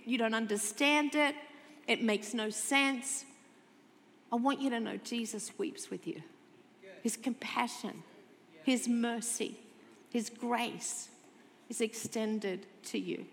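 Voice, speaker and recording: A woman pastor delivers a sermon in a church sanctuary, her voice sitting a little high. She swings from loud, emphatic lines to hushed, tender ones. The sound carries a long hall reverb. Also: takes it slowly. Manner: expressive, shifts from loud emphasis to soft intimate tones.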